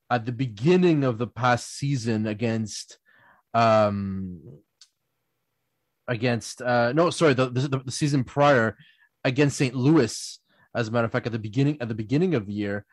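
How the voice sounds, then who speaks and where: A man, hosting a podcast and telling lively anecdotes between laughs, often slipping into playful voices for other people. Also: mid-range voice, normal speed, no echo. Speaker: podcast host. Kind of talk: casual storytelling chat.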